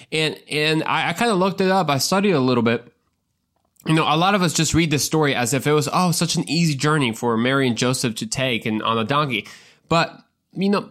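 A man's voice: mid-range voice, fairly bright tone. Joking man teaching the Bible. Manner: joking, conversational, repeats words as he talks. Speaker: podcast preacher.

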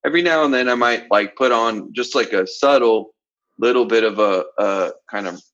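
A man from the Southern US coaching confidently in a casual podcast chat, with animated asides. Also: fairly low pitch, normal speed, muffled recording. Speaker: sales coach, podcast co-host.

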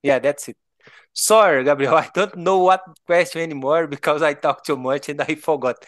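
A Brazilian man, a native Portuguese speaker with a Brazilian Portuguese accent, takes part in casual English conversation practice. His fairly high voice moves at normal speed with no room sound, and he hesitates, restarts often, and laughs between phrases.

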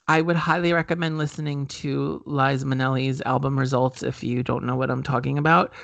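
A man's voice: mid-range voice, creaky, a bit bright, no echo. A man co-hosting a podcast in casual chat, rambling with many fillers and self-corrections. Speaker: podcast co-host.

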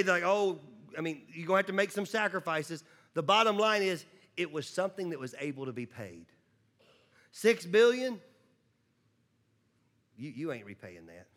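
A male preacher with a high-pitched voice delivers a sermon. He talks conversationally, doubling words as he starts sentences. He swings between loud, driving emphasis and low, hushed asides. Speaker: pastor.

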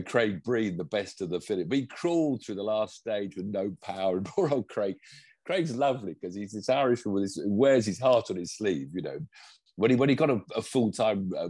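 An older man, a podcast co-host and pundit, chats casually with enthusiasm, rambling and frequently restarting his sentences. His voice is fairly low, mellow, and has a breathy edge, with no room sound in the recording.

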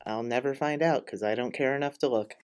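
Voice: medium pitch, brisk, a little mellow, smooth. A podcast co-host in casual chat, recapping a film with dry, opinionated asides.

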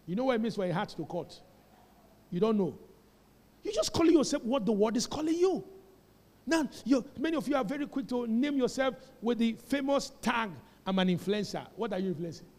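High-pitched Nigerian pastor preaching in a hall. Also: male voice, lively intonation, brisk. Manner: preaching with questions and rising to shouts. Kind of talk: sermon. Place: church sanctuary. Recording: church hall reverb.

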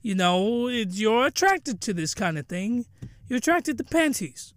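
A man voicing a calm middle-aged stepmother who lectures her teenage stepson, in a low, quiet, flat tone. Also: measured pace, dry recording, studio quality, full character voice. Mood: calm lecturing.

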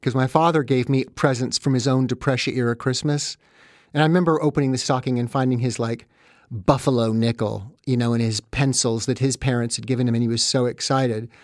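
A man telling a wry, self-mocking story about his childhood, with animated asides, recorded close and dry. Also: mid-range voice, brisk, no room sound. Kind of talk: first-person comic storytelling.

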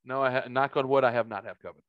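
A man's voice: mid-range voice, fast, dry recording, highs cut off. A man telling a story in a casual podcast chat, profane and heated.

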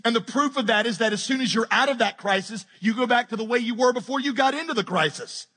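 A man preaching a sermon as pastor, animated and joking as he retells a scripture story. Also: very high-pitched, fast, slightly rough. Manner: animated, jokey retelling with acted-out quotes.

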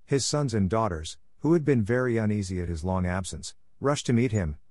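A man reading a classic fairy tale aloud as narrator, in a calm and even storytelling manner. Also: on the low side, fairly quick, no echo, clean studio sound.

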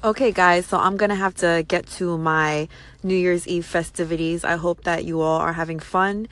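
A young woman talking casually as a host, wandering through her thoughts with plenty of "like" and "you know". Her voice sits a little low. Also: steady tone, moderate pace, a bit bright. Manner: chatty, thinks aloud with many fillers. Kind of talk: casual chat.

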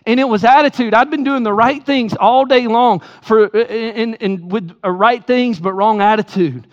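A high-pitched man preaches a candid, storytelling sermon in a church sanctuary. His voice carries a long hall reverb, and the recording sounds slightly dull. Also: moderate pace. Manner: candid storytelling with laughs, acting out his own quotes. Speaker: pastor.

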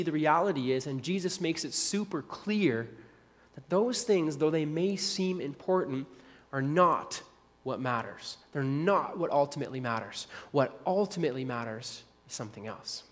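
A man's voice: fairly high pitch, normal speed, in a large hall. A male pastor preaching a sermon conversationally, repeating phrases for emphasis.

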